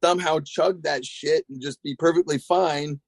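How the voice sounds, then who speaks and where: A man, a guest skateboarder, telling a long story in a rambling, profane, animated way. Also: fairly high pitch, normal speed, creaky, no room sound. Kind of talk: casual storytelling.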